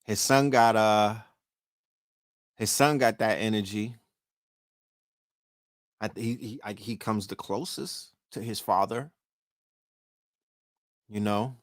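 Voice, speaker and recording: Speaking slowly, with long pauses and a fairly low pitch, a middle-aged man with a New York accent hosts a casual podcast stream. He talks profanely and throws questions at his audience, recorded dry in a studio.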